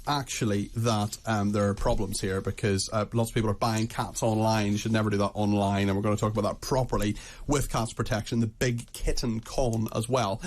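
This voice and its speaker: A man hosting a live radio show, brisk and jokey, with lots of quick agreement while others speak. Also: on the low side, level tone. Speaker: radio host.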